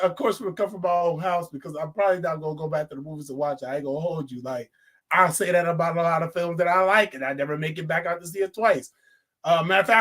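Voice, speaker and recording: A young man giving a casual, animated movie review, swearing freely and laughing often. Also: sits high. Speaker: film reviewer.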